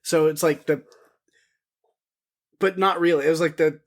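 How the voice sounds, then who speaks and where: A man's voice: on the high side, steady tone, moderate pace. A man co-hosting a podcast, chatting casually about a film in a wry, sarcastic way and laughing often. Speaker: podcast co-host. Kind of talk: casual chat reviewing a film.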